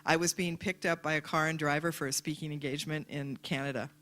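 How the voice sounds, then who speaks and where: A woman's voice: deep voice, fast. A woman giving a motivational talk to a live audience, telling stories and acting out the voices of people in them. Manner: animated storyteller, acts out voices in quotes. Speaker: speaker.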